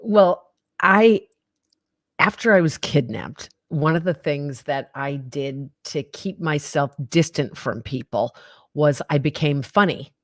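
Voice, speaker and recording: A woman's voice: sits low, slow, dry recording, studio quality. A woman guest on an interview podcast, talking playfully and laughing easily. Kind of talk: casual interview chat.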